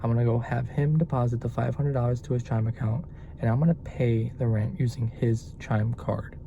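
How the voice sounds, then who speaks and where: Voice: medium pitch, normal speed, dull audio, background noise. A young adult delivery-driver vlogger ranting in a casual, exasperated, profane way. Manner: animated, exasperated, swears a lot. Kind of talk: casual vlog rant.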